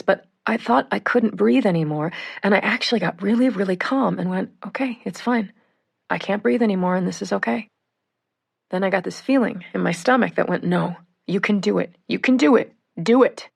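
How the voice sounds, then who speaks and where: A woman reading first-person witness accounts for an audiobook in a measured way. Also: mid-range voice, gravelly. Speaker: audiobook reader.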